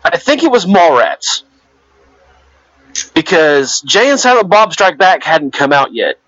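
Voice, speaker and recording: A man's voice: a little high, sing-song, measured pace, a bit bright, no room sound. Laid-back opinionated man, dull dry audio. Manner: laid-back, filler-heavy, offers opinions. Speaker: podcast co-host. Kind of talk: casual chat.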